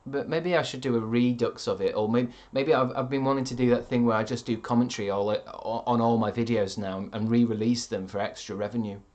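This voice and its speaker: A man's voice: mid-range voice, fairly even intonation, brisk, few pauses, a little mellow. A man streaming live, reading out chat with rambling dry jokes and lots of ums.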